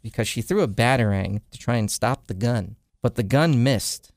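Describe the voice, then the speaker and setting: A man's voice: mid-range voice, normal speed, dry recording, clean studio sound. A man hosting a podcast, casually retelling a comic storyline with lots of "uh" fillers. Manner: rambling retelling with frequent "uh" fillers. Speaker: podcast host.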